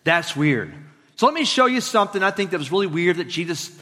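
A man in his forties with a Southern drawl, preaching a sermon as pastor in an energetic, conversational way with joking asides. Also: high-pitched, fairly quick. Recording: long reverb of a large hall.

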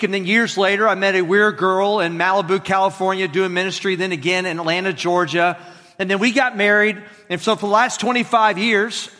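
A man in his forties with a Southern drawl, preaching a sermon as pastor in an energetic, conversational way with joking asides. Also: high-pitched. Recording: long reverb of a large hall.

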